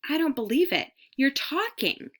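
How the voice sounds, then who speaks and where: A woman voicing a stubborn, astonished young boy with a lively, disbelieving delivery. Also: sits high, normal speed, voice pushed up.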